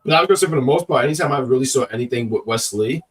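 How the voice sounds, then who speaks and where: A man's voice: mid-range voice, racing, recorded from a distance. A man co-hosting a live-streamed wrestling review, rambling and joking while he reads chat comments aloud, working through a cough. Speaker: co-host of a wrestling review show.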